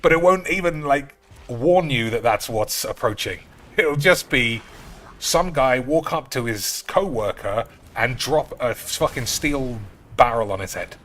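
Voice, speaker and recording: A man's voice: mid-range voice, expressive, measured pace, a bit bright. A man chatting casually and swearing freely while streaming a card game. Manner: rambling, sweary, offhand. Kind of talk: casual live-stream chat while gaming.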